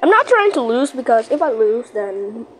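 Female gaming host, wide-ranging voice, excitable play-by-play with frantic repeats. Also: a little high, slight background noise. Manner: excitable, panicky outbursts and shouted countdowns; repeats phrases rapidly under pressure. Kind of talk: live gameplay commentary.

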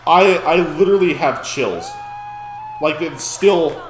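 Male reaction host, slightly high voice, excitable and stammering, recorded in a roomy space. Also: a little slow, soft background music. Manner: excitable, restarts and stammers when amazed. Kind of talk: casual reaction commentary. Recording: echoey room.

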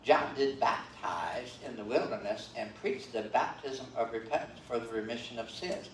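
A man's voice: medium pitch, normal speed, a little hiss or hum. An older man preaching a sermon as pastor, talking conversationally with many fillers and "okay?" check-ins. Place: church sanctuary. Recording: roomy, distant church livestream.

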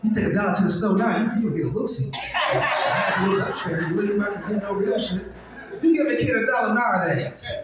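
A man in his forties with a Detroit accent doing a loose, profane stand-up set in a live club, swinging from low mutters to loud shouts. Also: fairly quick, loud music behind the voice. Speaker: stand-up comedian. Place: live comedy club stage. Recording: echoey club room, distant, crowd laughter.

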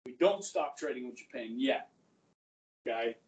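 A man's voice: mid-range voice, animated, normal speed, muffled recording. A male history teacher giving a classroom lecture, chatty, asking the class questions and acting out quotes. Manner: conversational, asks the class questions, acts out quotes. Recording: roomy classroom audio from far off.

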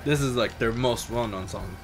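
A man co-hosting a reaction video, chatting casually in an animated way, swearing freely and laughing often. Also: mid-range voice, moderate pace. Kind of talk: casual chat. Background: loud rock music from the video.

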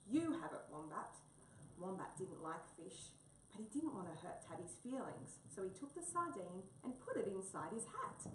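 A woman reading a children's story aloud in a steady way, recorded in a roomy space from a distance. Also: mid-range voice, moderate pace, a little hiss or hum. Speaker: reader. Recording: roomy, distant mic, faint ambience.

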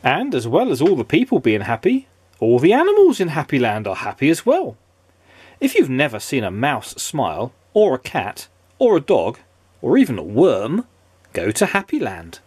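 A man's voice: mid-range voice, huge pitch swings, moderate pace, a little mellow, husky, dry recording. A father reading a children's story aloud in a playful, sing-song way.

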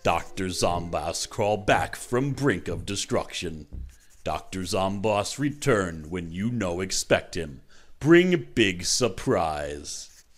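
A man voicing a gloating male villain from a video game, speaking slowly in clipped, broken phrases. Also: deep voice, expressive, pitched below the performer's own voice, exaggerated voice.

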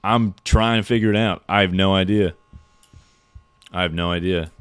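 Low-voiced young man streaming a game. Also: steady tone, normal speed, clear, resonant tone, no room sound. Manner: jokey, reacts to chat and thanks subscribers. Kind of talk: live game streaming chat.

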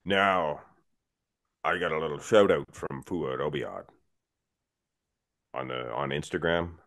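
A man's voice: rumbling low, slow, fairly bright tone. A man co-hosting a podcast, chatting casually and joking around in a laid-back way. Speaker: podcast co-host. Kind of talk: casual chat.

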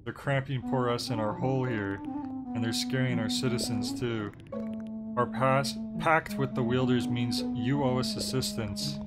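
A man voicing a fussy, regal female bug queen, reading game dialogue aloud in a slow, drawn-out, doting way over game music. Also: medium pitch, steady tone, close to an everyday voice.

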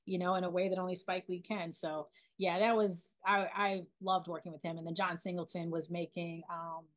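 A woman in her forties from Philadelphia, a documentary filmmaker being interviewed, talking in an animated way with many restarts and fillers. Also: lowish voice, normal speed. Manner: animated, lots of restarts and "you know". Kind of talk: casual interview storytelling.

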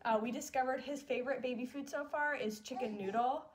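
Chatty young mom, bright higher voice. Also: female voice, a little fast, a little hiss or hum. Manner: chatty, fond, with lots of fillers like "like". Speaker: mom vlogger. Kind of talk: casual chat.

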